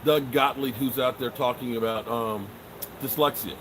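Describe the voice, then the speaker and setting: A middle-aged man hosts a sports live stream at a moderate pace, his medium-pitched voice set against noisy surroundings. Answering the chat, he jokes around casually and animatedly, swearing and trailing off a lot.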